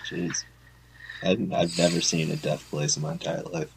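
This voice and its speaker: A man's voice: deep voice, flat delivery, moderate pace, gravelly, breathy edge. A young man in casual podcast chat, making dry, teasing remarks.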